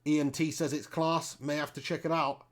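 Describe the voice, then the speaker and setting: A man's voice: a little high, level tone, moderate pace. Brief: man, live football stream host, casual jokey banter and running commentary. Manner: jokey banter, laughs often, reads chat aloud.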